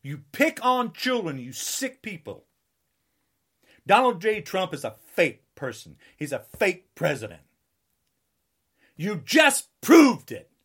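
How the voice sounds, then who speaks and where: A man's voice: sits high, sing-song, slow, pauses often, a bit bright, slightly rough. Combative man in his sixties ranting. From United States. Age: 60s. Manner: combative, taunting, repetitive. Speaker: political ranter. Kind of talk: angry political rant.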